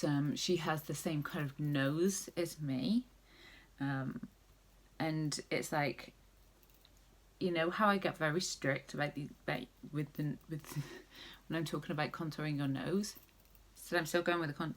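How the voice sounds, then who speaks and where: Low, gravelly woman chatting through a makeup tutorial. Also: fairly even intonation, a little slow. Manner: chatty, rambling, jokey asides. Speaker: makeup vlogger. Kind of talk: casual makeup tutorial chat.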